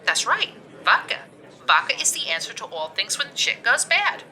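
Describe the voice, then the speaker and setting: Woman playing cheerful phone pal, higher and lively, pushy about good advice. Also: moderate pace, heavily acted. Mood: encouraging. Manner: encouraging, emphatic. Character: supportive female friend on phone, upbeat.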